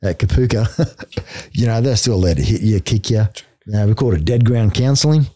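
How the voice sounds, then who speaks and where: Blunt, swearing Australian man, mellow and low. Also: a little fast, no echo. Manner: blunt, heavy swearing, laughing between stories. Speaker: podcast guest, army veteran. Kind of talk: casual interview storytelling.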